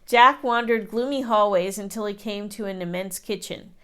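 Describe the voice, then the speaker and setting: With a smooth, mid-range voice at a moderate pace, a woman teacher reads a children's picture book aloud and tells the story expressively.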